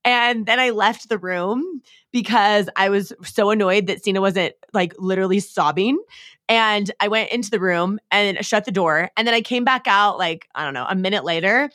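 A woman's voice: mid-range voice, moderate pace, fairly bright tone, no room sound, studio quality. A pregnant young woman co-hosting a podcast, chatting in a bubbly, gushing way full of fillers. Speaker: podcast co-host. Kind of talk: casual chat.

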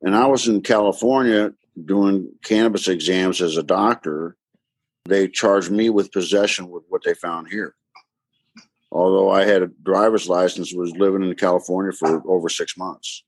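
A man, a doctor from Mississippi, telling his story as a podcast guest in an earnest, halting way with many fillers. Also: low-pitched, fairly even intonation, breathy edge, no room sound. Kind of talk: conversational interview storytelling.

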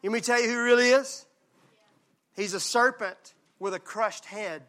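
Pastor guy, high bright tense voice, jokey lively sermon talk. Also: moderate pace. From Mississippi, USA. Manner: lively, joking, conversational preaching.

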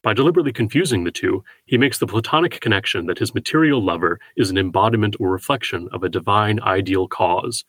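A man hosting a poetry podcast, giving a measured, analytical scripted talk on verse. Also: on the low side, fairly bright tone, dry recording.

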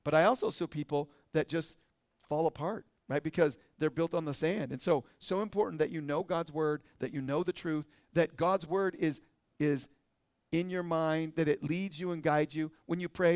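A man's voice: fairly high pitch, moderate pace, a little mellow, clean tone, no echo, clean studio sound. A middle-aged man with an American accent preaching a sermon as pastor, talking in a conversational way and often checking with "right?".

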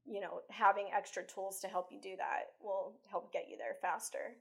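A woman life coach talking casually as an interview guest, chatty and animated, acting out her own thoughts with lots of "like" and "you know.". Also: mid-range voice, normal speed, vocal fry, breathy edge. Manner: acts out her own inner thoughts while telling stories. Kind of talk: conversational interview.

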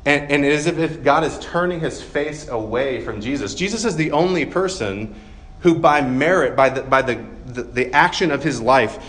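A man's voice: medium pitch, expressive, normal speed, fairly bright tone. A man in his thirties preaching a sermon in a casual, conversational way, with self-deprecating humor and plenty of ums. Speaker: pastor.

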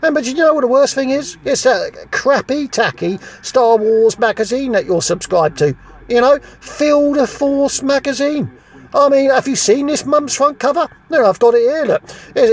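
Man doing a fed-up young jedi trainee, high voice, rambling, stammering, exasperated. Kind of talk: comedic parody monologue.

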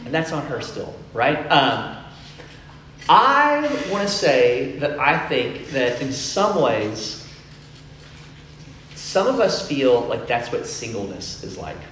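A man's voice: medium pitch, very animated, slow pace, fairly bright tone, slight background noise. A young man preaching a sermon in a casual storytelling way, full of fillers, in a church hall. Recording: echoey room, faint ambience.

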